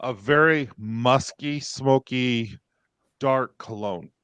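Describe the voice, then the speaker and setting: A man's voice: mid-range voice, slow pace, fairly bright tone, clear, resonant tone, no room sound. Male host, casual and jokey, running giveaways on a dry, close mic. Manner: chatty, joking, runs giveaways. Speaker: livestream host. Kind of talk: casual livestream chat.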